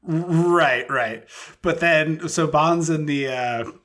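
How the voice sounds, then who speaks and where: Man co-host, chatty film recap, slightly high voice, laughs a lot. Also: takes it slowly. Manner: animated, laughs often, breaks into silly put-on voices. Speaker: podcast co-host. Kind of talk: casual movie recap chat.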